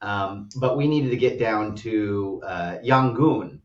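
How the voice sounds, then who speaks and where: An American male startup co-founder, appearing as a guest, tells a casual travel story in an animated, rambling way full of "like" fillers, in a fairly low voice at a slow pace. The audio is lo-fi, roomy and dull, with the mic set back at a distance.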